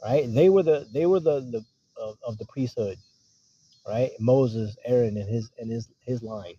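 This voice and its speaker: Male preacher, casual teaching sermon, mellow delivery, dull lo-fi audio. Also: mid-range voice, slightly rough. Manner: conversational, keeps checking in with listeners, reads verses slower. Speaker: street preacher teaching scripture. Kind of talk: casual sermon with scripture reading. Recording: dull lo-fi recording.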